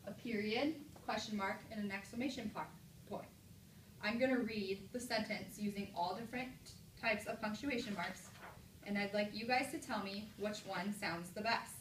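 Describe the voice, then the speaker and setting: Woman teacher in an echoey classroom. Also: mid-range voice. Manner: clear, encouraging teacher prompts, slow exaggerated read-aloud examples. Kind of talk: classroom mini lesson. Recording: echoey room from a distance, light noise.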